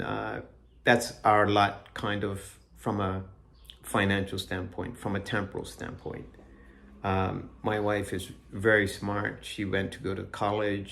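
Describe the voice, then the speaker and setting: A middle-aged man giving a personal religious testimony, earnest and halting, with frequent restarts. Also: fairly low pitch, gravelly, fairly bright tone. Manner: reads scripture aloud. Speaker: Christian speaker giving his testimony. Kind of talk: personal testimony, reflective talk.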